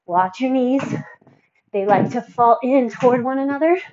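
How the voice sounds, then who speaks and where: A woman's voice: a little high, moderate pace, highs cut off, noisy background. A woman fitness instructor coaching a workout, counting reps and encouraging, sighing and a bit out of breath between exercises.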